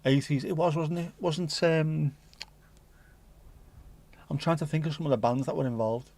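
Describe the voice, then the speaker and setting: Hosting a casual livestream, a man with a voice on the high side and a darkish tone speaks at a moderate pace. He reads out viewer messages and rambles jokily, sweary and packed with British slang.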